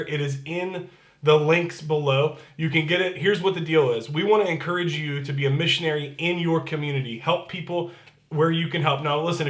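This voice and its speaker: A man's voice: on the high side, reverberant. A man serving as pastor, giving casual church announcements in an upbeat, chatty way and reading scripture aloud.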